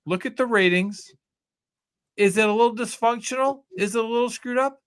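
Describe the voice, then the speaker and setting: Guy with a high voice, sarcastic podcast cohost ranting about college sports. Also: normal speed, fairly bright tone, smooth. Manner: sarcastic, mocking quoted voices. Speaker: podcast co-host. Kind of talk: casual sports talk.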